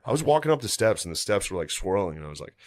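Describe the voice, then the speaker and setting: A man's voice: fairly low pitch, sing-song, racing. A young man co-hosting a podcast in casual chat, laid-back and laughing often. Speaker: podcast co-host.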